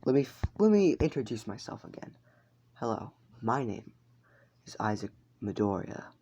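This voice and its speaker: A man voicing a blunt, unsettling young man who speaks calmly and matter-of-factly, with light swearing. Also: mid-range voice, moderate pace, a little hiss or hum. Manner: calm, matter-of-fact, lightly profane.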